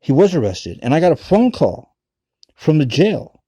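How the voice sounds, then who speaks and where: A man's voice: fairly high pitch, very animated, moderate pace, dark tone, slightly rough, no room sound, muffled recording. A man telling a rambling personal story in a casual, profane, emphatic way.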